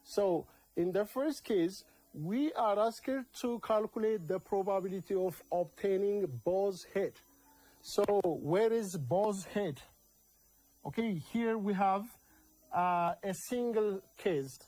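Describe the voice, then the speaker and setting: Slow, mellow Ethiopian-accented math teacher. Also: mid-range voice, no echo, low-quality recording. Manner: repeats key words, checks in with "okay?". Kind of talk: recorded classroom lesson.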